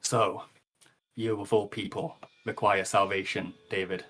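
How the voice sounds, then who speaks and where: A man's voice: lowish voice, little pitch movement, unhurried, bright, forceful tone, soft background music, pitched below the performer's own voice. A man doing a grave preaching holy warrior. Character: stern male holy warrior leader, solemn.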